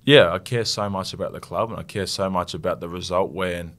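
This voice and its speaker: A young Australian man, a rugby league captain, talking earnestly and haltingly in an interview, getting emotional. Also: deep voice, fairly bright tone. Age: young adult. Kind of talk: casual interview.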